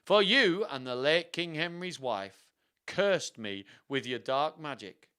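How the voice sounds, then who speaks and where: A man's voice: a little high, lively intonation, takes it slowly, smooth, pitched above the performer's own voice, full character voice. A man playing a scheming, commanding king. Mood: accusing. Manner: loud, emphatic, theatrical.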